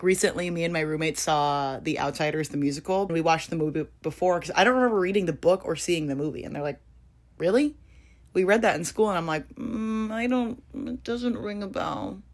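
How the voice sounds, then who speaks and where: A woman in her twenties chatting casually about books, full of fillers and sudden high excited bursts. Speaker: vlogger.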